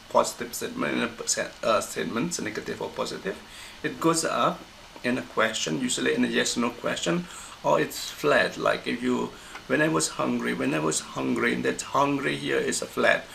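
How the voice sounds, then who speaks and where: A man with a heavily gravelly, creaky voice walks through a pronunciation lesson. He pauses and restarts often as he looks for the right word, and there is a faint hiss under his speech. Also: mid-range voice, fairly bright tone, low-quality recording. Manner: halting, stops often to find the word. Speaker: English pronunciation teacher. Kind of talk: recorded lesson explanation.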